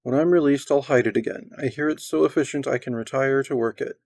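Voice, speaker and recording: A man voicing an unrepentant jailed bootlegger, reading the lines out flatly in his own voice. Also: mid-range voice, fast talker, no room sound, close to an everyday voice. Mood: smug.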